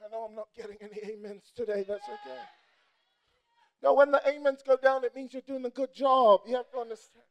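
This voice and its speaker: Impassioned male preacher with a very high, gravelly voice; sermon delivery, sudden shouts. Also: fairly even intonation, a little fast, lo-fi sound. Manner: impassioned, bursts into shouts, mimics people.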